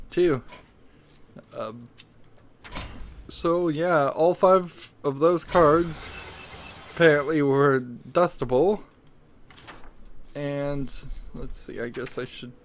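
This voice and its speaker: Slow, groggy-voiced male game streamer. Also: fairly high pitch. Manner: rambling and hesitant, thinking aloud. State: groggy morning voice, just woke up. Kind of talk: casual live-stream commentary.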